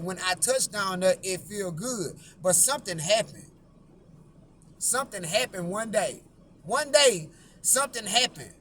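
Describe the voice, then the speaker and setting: A man's voice: high voice, fairly bright tone, slight background noise. A man hosting his own channel, telling a long story in a blunt, profane way and often repeating himself. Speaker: YouTube host.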